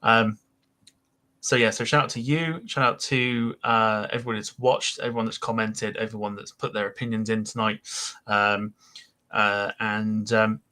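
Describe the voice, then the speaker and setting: A man's voice: on the low side, little pitch movement, normal speed, sharp tone. A man hosting a podcast, chatting casually and rambling with lots of ums as he wraps up the show. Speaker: podcast host. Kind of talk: casual podcast chat and sign-off.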